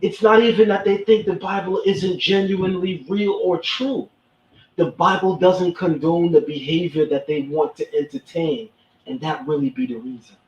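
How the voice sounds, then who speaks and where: A man's voice: a little high, normal speed. A man hosting a commentary show who speaks emphatically and preachily, repeating lines for stress. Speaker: host. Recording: echoey, distant, dull sound.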